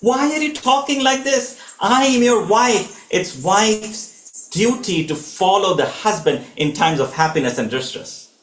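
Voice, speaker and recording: A man voicing a devoted young princess wife, indignant and firing off rapid questions. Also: high-pitched, expressive, a bit bright, a little hiss or hum, pitched above the performer's own voice. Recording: echoey room.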